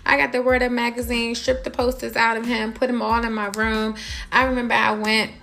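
A young woman hosting a casual celebrity gossip talk, animated and exasperated, cursing and repeating herself as she rants. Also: on the high side, brisk, creaky, faint music behind. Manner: animated, exasperated, profane and repetitive. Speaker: host.

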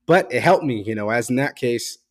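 A man hosting a casual podcast, telling personal stories in a blunt, profane and animated way. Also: mid-range voice, a little fast. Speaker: podcast host.

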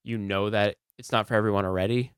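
A man co-hosting a podcast, talking through a movie review in a laid-back, halting way with frequent laughs. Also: on the low side, fairly even intonation, smooth, dry recording, studio quality. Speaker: podcast co-host. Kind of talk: casual movie review chat.

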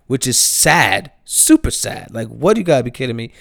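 A young man with a New Jersey accent, ranting in slangy, profane casual talk, swinging from low mutters to loud exasperated outbursts. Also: big pitch swings, normal speed, vocal fry, hardly any pauses, dry recording, clean studio sound. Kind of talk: casual opinion rant.

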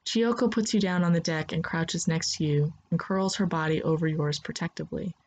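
A woman's voice: on the low side, fairly quick, a little mellow. Woman narrating a second-person story.

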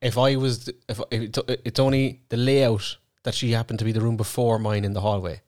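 A man's voice: mid-range voice, flat delivery, brisk, a little mellow. A young man with a Cork accent, co-hosting a podcast and telling stories in casual chat, swearing freely. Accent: Irish, Cork. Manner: swears freely, storytelling with voiced asides. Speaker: podcast co-host.

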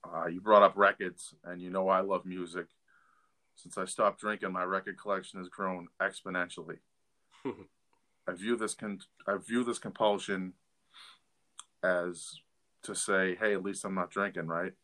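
A man's voice: low voice, level tone, measured pace, sharp tone. A middle-aged man and father co-hosting a recovery podcast, telling candid stories in a blunt, casual way. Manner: candid, blunt storytelling with fillers and restarts. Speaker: podcast co-host.

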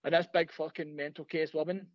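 A Scottish man, a comedian, telling profane anecdotes in a rapid, laughing way during a casual chat. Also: fairly high pitch, flat delivery, dry recording, lo-fi sound. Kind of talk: casual storytelling.

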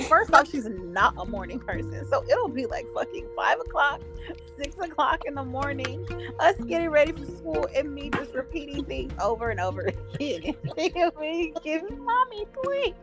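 A woman in casual podcast chat, animated and profane, laughing often as she talks. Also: high-pitched, normal speed, over music.

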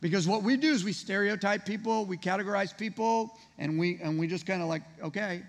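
Male pastor, high voice, chatty sermon full of questions, reverberant hall. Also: fairly quick. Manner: conversational, rhetorical questions to congregation. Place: church sanctuary.

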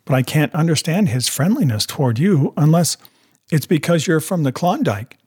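A man reading aloud voices an earnest young wife who pleads emotionally in a raised, husky voice. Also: a little high, lively intonation, moderate pace, darkish tone, dry recording, clean studio sound, pitched above the performer's own voice. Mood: pleading.

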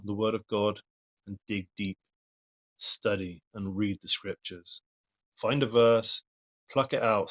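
A man gives a plain-spoken devotional talk in a fairly low voice. He reads scripture aloud and follows each verse with earnest comment. The recording is dull and lo-fi. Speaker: lay preacher.

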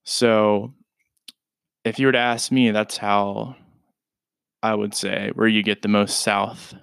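A man hosts a casual podcast that teaches English, explaining things in an informal, easygoing way. His voice sits a little low, and the recording is dry and close with no room sound. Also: level tone, slow, creaky, a bit bright, smooth, no echo. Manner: laid-back, chatty, informal explanations.

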